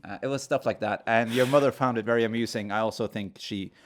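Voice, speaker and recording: A man's voice: lowish voice, fast. A man co-hosting a podcast in casual chat, throwing in dry quips and teasing. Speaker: podcast co-host.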